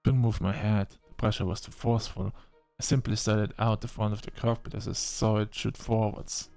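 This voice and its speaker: A man narrating a first-person science fiction story in an expressive manner, breaking off into short exclamations. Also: on the low side, moderate pace, gravelly, soft background music.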